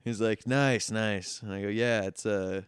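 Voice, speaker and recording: A man co-hosting a podcast in casual chat, a profane, animated storyteller who acts out the voices he quotes. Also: lowish voice, moderate pace, clear, resonant tone, no room sound, clean studio sound. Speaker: podcast co-host.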